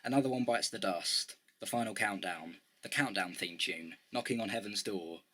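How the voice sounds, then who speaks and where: A man's voice: fairly low pitch, normal speed, pushed and bright. A man giving a comic storytelling monologue in a wry, dry delivery.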